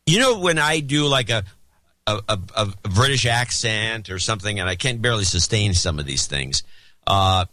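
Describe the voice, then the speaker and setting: A man co-hosting a casual chat show, rambling with restarts and quick asides. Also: on the low side, lively intonation, bright, forceful tone, dry recording. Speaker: podcast co-host.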